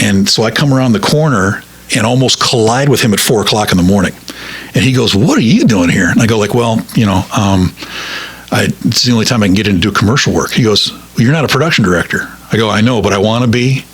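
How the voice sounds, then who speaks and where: In a relaxed interview, a middle-aged man who works in radio recounts career stories, wandering off course and restarting himself often. His voice is lowish, with a fairly bright tone and a breathy edge.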